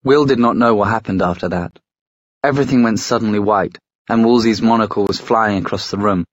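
Low-voiced man narrating an audiobook. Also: no room sound. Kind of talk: scripted narration.

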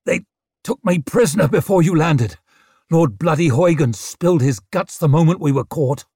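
A man voicing a grey-haired, one-armed former marshal, weary and gruff. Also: fairly high pitch, lively intonation, moderate pace, mellow, dry recording, clean studio sound, pitched above the performer's own voice, heavily acted.

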